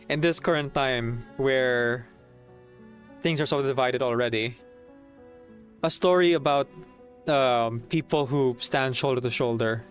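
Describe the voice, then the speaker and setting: A man streaming a story game, reading the text aloud and chatting about it as he goes. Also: medium pitch. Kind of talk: casual gameplay commentary and read-aloud.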